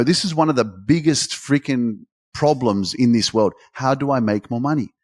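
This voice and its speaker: A man giving a motivational talk, swearing freely and climbing in pitch when he gets emphatic. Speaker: motivational speaker. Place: Dubai.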